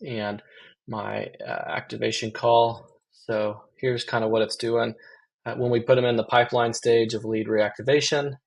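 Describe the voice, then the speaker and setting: A man in real estate giving a casual screen-share tutorial, relaxed and full of fillers. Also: lowish voice, low-quality recording. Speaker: real estate business owner.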